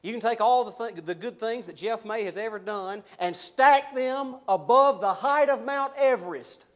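A man delivers an animated sermon, his voice rising loud whenever he voices objections. For solemn points, he drops low and slow.

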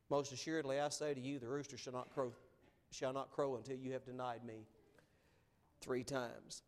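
A man preaching a sermon in an earnest, conversational way, his emphasis rising and falling as he goes. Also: on the high side. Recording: long hall reverb.

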